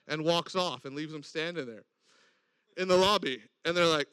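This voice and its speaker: A man's voice: fairly high pitch, brisk, pushed and bright, clear, resonant tone, no room sound. A man preaching a sermon, telling a personal story and acting out the voices in it. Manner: storytelling with acted-out quoted dialogue.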